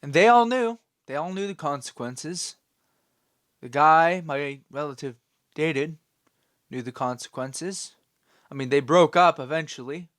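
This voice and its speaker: A man's voice: medium pitch, fairly bright tone, no room sound, studio quality. A man hosting his own channel, giving a rambling, opinionated commentary with many fillers and a scolding tone. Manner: scolding, dismissive. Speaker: channel host.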